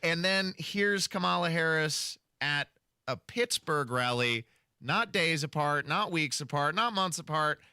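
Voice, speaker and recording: Male radio host, bright, high-ish, dry studio mic, sarcastic commentator. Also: lively intonation, unhurried, clean tone, no room sound. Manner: sarcastic, mocking. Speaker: radio talk show host. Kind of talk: conservative talk radio commentary. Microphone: studio microphone.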